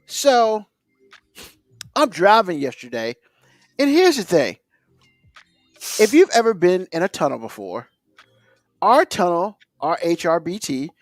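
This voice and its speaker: A man's voice: fairly high pitch, dry recording. A man ranting on a podcast, mocking other drivers with put-on quotes. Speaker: podcast co-host. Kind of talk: ranting casual chat.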